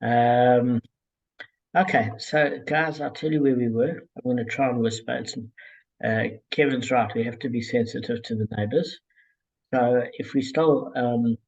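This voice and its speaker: A man leading a casual group study over a call, talking in a relaxed, digressive way with many fillers and a gravelly, husky voice. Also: mid-range voice, lo-fi sound. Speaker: Talmud study group leader.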